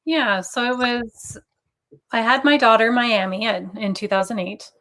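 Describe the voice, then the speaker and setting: A woman's voice: fairly high pitch, unhurried, a bit bright. A woman in her thirties, a guest in an interview, telling a personal story in an earnest way. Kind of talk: casual interview talk.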